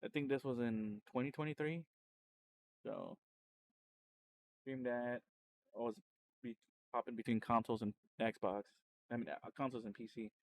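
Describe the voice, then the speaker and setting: A streamer and podcast host tells his own story casually and rambling, often restarting and correcting himself, and he gets animated when recounting exciting moments. His voice is medium in pitch, his speed normal, and he leaves long pauses.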